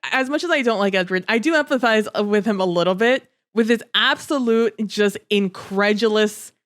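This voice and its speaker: A woman with a smooth, clear voice co-hosts a casual book podcast. She talks in an animated, chatty way, slips into the characters' voices to act out their lines, and swears without fuss. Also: medium pitch, normal speed. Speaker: podcast co-host.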